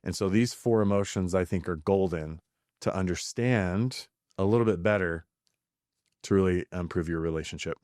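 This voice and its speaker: Low-pitched guy in his 30s, podcast host, earnest and kinda halting with lots of ums, dry close sound. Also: darkish tone, dry recording. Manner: earnest, halting, with many fillers and restarts. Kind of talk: reflective podcast monologue.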